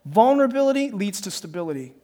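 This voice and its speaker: A pastor preaching a sermon who tells stories with animated acted-out dialogue and frequent laughter. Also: male voice, high voice, fast. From northern United States. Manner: animated storytelling, acts out dialogue, laughs often.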